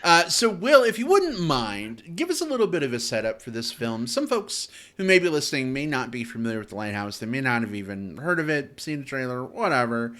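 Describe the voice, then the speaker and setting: A male podcast host with a bright, forward voice that rises and falls freely. He talks casually and playfully, leaning on "like" and "uh" as he leads the chat. His pitch sits in the middle for a man. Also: brisk, hardly any pauses. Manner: animated, playful, filler-heavy.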